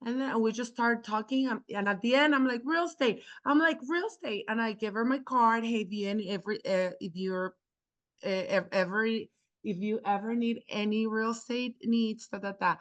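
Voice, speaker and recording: A real estate agent, a woman who is not a native English speaker, telling a story to a class in an animated way, acting out dialogue and often restarting her sentences. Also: on the high side, moderate pace.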